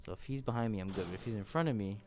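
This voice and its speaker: Casual male livestream commentator, lowish voice, loose rambling delivery with frequent laughs. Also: very fast, a little mellow, soft background music. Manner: chatty, laughs often, rambling. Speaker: streamer.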